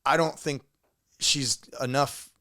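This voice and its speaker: A man's voice: medium pitch, slow pace. A man co-hosting a casual podcast, telling a story with lots of swearing and acted-out noises. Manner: animated storyteller, swears a lot, acts out sounds. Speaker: podcast co-host.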